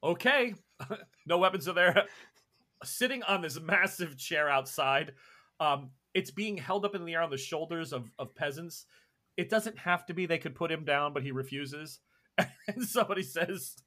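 A man's voice: fairly high pitch, lively intonation, moderate pace, bright, forceful tone. A man narrating a tabletop game as game master, playful and often laughing.

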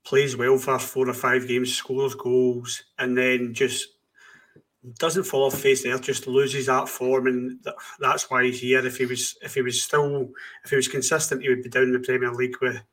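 Podcast co-host, pretty monotone, blunt about his takes, asks himself questions and answers em. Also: medium pitch, moderate pace. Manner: blunt opinions, rhetorical questions. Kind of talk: casual podcast chat.

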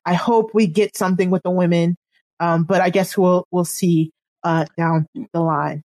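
A woman's voice: fairly low pitch, fairly even intonation, moderate pace, darkish tone, dry recording. A woman co-hosting a casual podcast, chatting with frequent restarts and laughs. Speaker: podcast co-host. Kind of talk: casual wrestling podcast chat.

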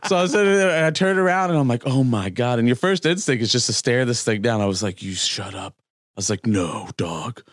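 Animated storytelling man, dry sound. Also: medium pitch, fast talker, dry recording. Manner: animated storyteller, laughs often. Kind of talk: casual chat.

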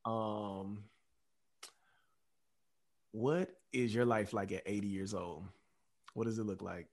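A male podcast host asking interview questions in an unhurried, soft-spoken way. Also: fairly low pitch, fairly even intonation.

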